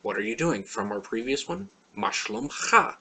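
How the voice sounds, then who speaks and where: Husky man teaching the alphabet. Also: lowish voice, expressive, fairly bright tone. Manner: plain, patient explaining with slow repeated words. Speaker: language teacher. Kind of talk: alphabet lesson.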